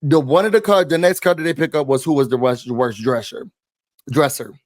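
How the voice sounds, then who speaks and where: A man's voice: mid-range voice, a little fast, no echo, clean studio sound. A man recapping and ranting about a reality show in a chatty, opinionated way, full of slang and fillers. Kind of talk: casual recap and rant.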